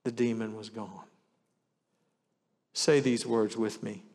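A man preaches a sermon in an earnest way, leaning into the scripture he reads aloud. His voice sits at an ordinary middle pitch. The sound rings with the long reverb of a big church hall. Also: measured pace, pauses often. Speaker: pastor.

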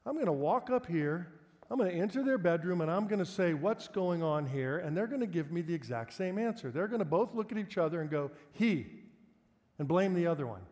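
High-voiced middle-aged pastor in a reverberant hall. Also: male voice, expressive, a little fast, a little mellow. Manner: conversational, self-deprecating storyteller, breaks into laughter. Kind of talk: sermon with personal storytelling. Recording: long reverb of a large hall.

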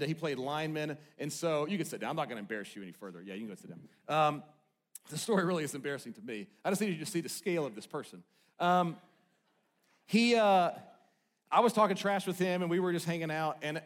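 A middle-aged man preaching a sermon with a somewhat high voice. He tells stories in a lively way, then drops to a hushed tone. His delivery moves between loud outbursts and quiet, intimate lines. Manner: storytelling with wide swings between loud and hushed. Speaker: pastor.

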